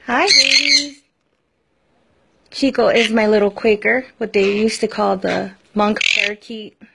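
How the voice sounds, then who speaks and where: A woman's voice: medium pitch, flat delivery, moderate pace, creaky, very noisy. A woman filming her pet parrots at home, talking to them in sing-song baby talk. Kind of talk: casual talk to pet birds. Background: squawking parrots.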